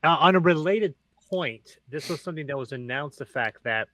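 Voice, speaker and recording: A man's voice: on the high side, expressive, moderate pace, fairly bright tone, no echo. A man co-hosting a gaming podcast who runs his own campaigns, speaking hesitantly with frequent restarts. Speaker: podcast co-host, game master. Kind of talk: casual podcast chat.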